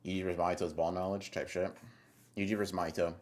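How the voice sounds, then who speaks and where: Low-voiced laid-back male streamer. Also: little pitch movement, racing. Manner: laid-back, slangy, rambling with fillers and restarts; swears casually. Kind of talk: casual live-stream chat, reading and answering chat.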